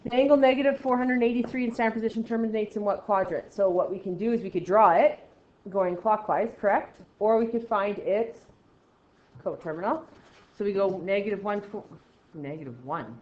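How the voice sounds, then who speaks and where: A woman's voice: mid-range voice, a little hiss or hum. Math teacher woman in an echoey classroom. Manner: brisk and encouraging, addressing students directly. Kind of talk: classroom lesson. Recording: muffled roomy classroom recording.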